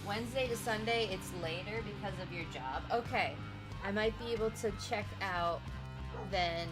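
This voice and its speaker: A woman's voice: medium pitch, normal speed. A young woman streamer chatting casually with her viewers, rambling and reacting to their messages. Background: music playing in the background.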